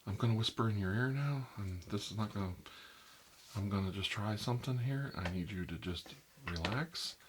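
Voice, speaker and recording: A man as a nervous doctor talks low and soft in an ASMR role-play. He rambles through his instructions, leaning on "like" and "you know." A faint hiss sits under the recording. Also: moderate pace, close to an everyday voice. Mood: uneasy. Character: nervous rambling male doctor examining a vampire. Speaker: doctor examining a patient.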